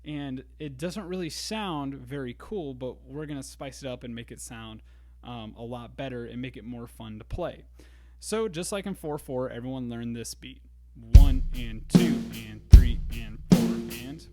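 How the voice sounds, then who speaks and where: A man teaching a drum lesson in a relaxed way, explaining grooves step by step. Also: mid-range voice, moderate pace, soft background music. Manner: counts beats aloud, easygoing explaining. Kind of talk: casual instructional talk. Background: drum kit and metronome.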